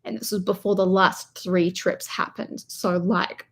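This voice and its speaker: A woman's voice: mid-range voice, fairly even intonation, unhurried, vocal fry, a bit bright. A young woman vlogger chatting live from a hotel room, telling a long rambling story and talking to her viewers as she goes. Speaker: vlogger hosting a livestream. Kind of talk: casual live-stream chat.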